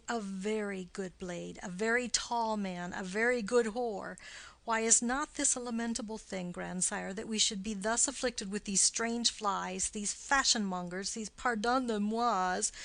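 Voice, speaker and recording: A woman's voice: a little high, vocal fry, fairly bright tone, no echo. A woman reading a mocking young nobleman. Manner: quick, punning banter. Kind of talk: audiobook reading of a play.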